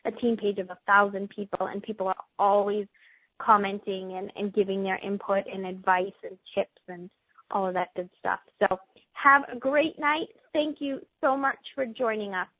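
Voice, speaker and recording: A woman with a Boston accent rattles through a recorded sales call, quick and upbeat. Her voice is husky and breathy. The sound is dry and dull, like a lo-fi call line. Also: mid-range voice, steady tone, no echo. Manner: fast, upbeat, chatty with small laughs. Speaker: team leader hosting a business call.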